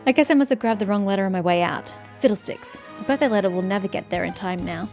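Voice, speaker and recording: A woman's voice: mid-range voice, fast talker, darkish tone, faint music behind, natural voice. A woman reading the lines of a flustered, hapless man in a video game. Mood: apologetic.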